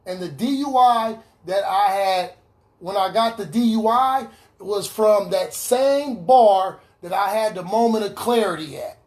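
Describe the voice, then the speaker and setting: A man's voice: high voice, unhurried. A man giving an earnest personal testimony in an online recovery meeting, repeating key lines for emphasis over a video call. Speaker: recovery speaker sharing his story.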